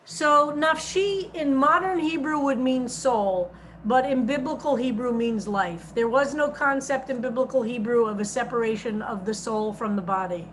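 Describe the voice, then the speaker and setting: A woman with a somewhat high voice leads a psalm study as a rabbi, speaking over a video call. She reads verses aloud and explains the Hebrew grammar patiently. A faint hiss sits under her voice. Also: normal speed, few pauses, poor audio. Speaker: rabbi teaching a psalm class.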